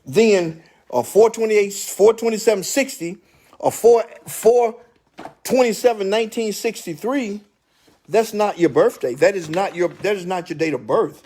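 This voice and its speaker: A man with a high-pitched, mellow voice hosts a casual livestream about credit repair, speaking at a measured pace. He's emphatic and repetitive, addressing his viewers directly.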